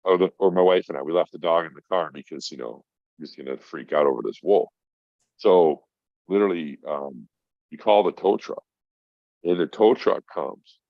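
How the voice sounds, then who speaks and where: On a podcast, a stoned middle-aged guest meanders through a foul-mouthed anecdote while chatting casually. His voice sits low, the room has no echo, and the recording sounds dull and lo-fi.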